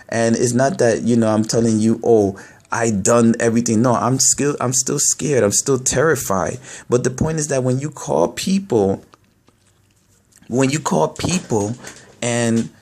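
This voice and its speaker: Man from New with a warm, mellow tone. He talks earnestly in a halting way, restarting and repeating himself in a candid video blog. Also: mid-range voice. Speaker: video blogger. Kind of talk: candid personal talk to camera.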